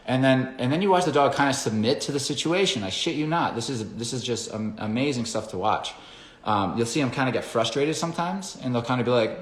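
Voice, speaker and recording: A man's voice: mid-range voice, expressive, a little fast, reverberant. A man, a dog trainer, explaining his method in a casual lesson, blunt and swearing freely as he talks straight to viewers.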